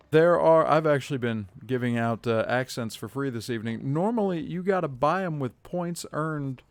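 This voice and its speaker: A man's voice: mid-range voice, creaky. A man chatting and joking with his viewers while streaming a video game. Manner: chatty, joking, talks to chat. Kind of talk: casual gaming livestream commentary.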